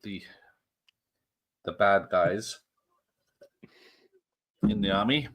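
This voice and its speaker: A man's voice: fairly low pitch, drawn-out words, fairly bright tone. A man hosting a casual film watch party online, joking and rambling with frequent laughs. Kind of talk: casual chat over a film.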